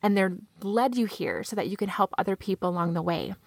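A woman voicing a warm, blunt female inner friend who frankly reassures the listener. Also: medium pitch, expressive, fairly quick, gravelly, dry recording, studio quality. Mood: reassuring.

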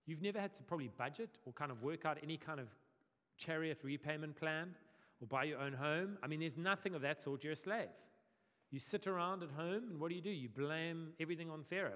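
Lively conversational male preacher in a hall. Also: fairly high pitch, brisk. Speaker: pastor. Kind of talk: sermon. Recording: long hall reverb.

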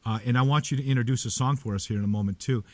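A man hosts a radio interview, teasing his guests with wry, joking questions. His voice sits at a middle pitch and is recorded close and dry, with no room sound. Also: racing, a little mellow, no room sound. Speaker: radio show host. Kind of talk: casual interview chat. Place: broadcasting from a beach town studio.

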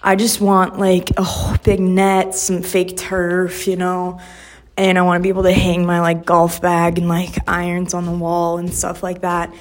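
A woman's voice: fairly low pitch, monotone, normal speed. Chatty young woman podcasting. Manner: chatty, rambling, apologetic, full of "like" and "um". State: out of breath after stairs. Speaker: podcast host. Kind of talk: casual solo podcast chat.

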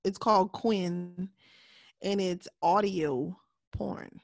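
A woman co-hosting a podcast in casual chat, candid and laughing often, sometimes dropping to a soft voice. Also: lowish voice, slow, no echo. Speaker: podcast co-host.

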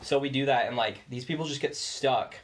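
A man's voice: mid-range voice, fairly quick, slightly rough. A young man co-hosting a podcast, telling a long story in casual chat, rambling with lots of "like" and swearing. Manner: rambling, heavy use of "like", swearing. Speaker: podcast co-host.

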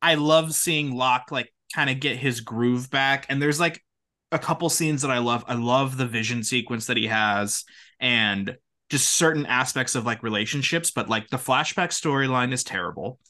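Young male co-host, bright edgy voice, animated casual storyteller. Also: mid-range voice, moderate pace. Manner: animated, laughing, quotes friends in voices. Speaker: podcast co-host.

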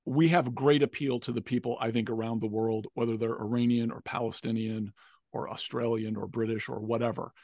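A man speaking as a guest analyst, giving measured, analytical commentary on foreign policy. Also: medium pitch, flat delivery, a little mellow, dry recording. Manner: measured, analytical, frequent restarts.

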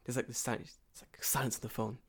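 A man's voice: medium pitch, level tone, quick pace, vocal fry, breathy edge. A man telling a story in casual chat, swearing often, laughing, and acting out both sides of a phone call. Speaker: storyteller in a conversation. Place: lives and works in Japan.

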